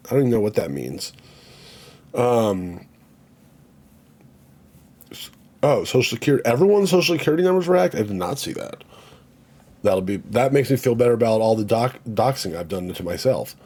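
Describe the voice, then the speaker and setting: A man's voice: mid-range voice, big pitch swings, moderate pace, pauses often, dark tone, husky. A man streaming casually, rambling and joking about himself, swearing freely and reading out chat comments.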